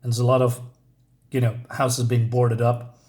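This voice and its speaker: A man's voice: medium pitch, level tone, moderate pace, darkish tone. A man casually recapping a comic book in a loose, chatty way. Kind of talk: casual recap and read-aloud.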